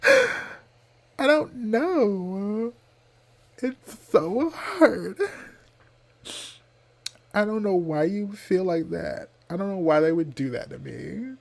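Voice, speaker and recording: A man's voice: high-pitched, expressive, extremely slow, gravelly, long pauses, pitched above the performer's own voice, full character voice. A man doing a whiny tearful woman celebrity.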